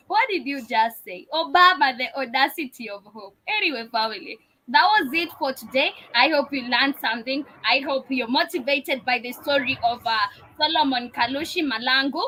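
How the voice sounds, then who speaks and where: A woman's voice: high voice, normal speed, pushed and bright, a little hiss or hum, poor audio. A woman host, speaking in an impassioned, emphatic way with frequent "uh"s. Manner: impassioned, emphatic, says "uh" often. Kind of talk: talk show commentary.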